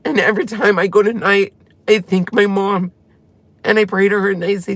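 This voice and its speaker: A man's voice: high voice, fairly even intonation, moderate pace, a bit bright, no echo. Tearful man pouring his heart out. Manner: tearful, heartfelt, rambling retelling. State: emotional, close to crying. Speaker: channel host. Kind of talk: emotional personal vlog talk.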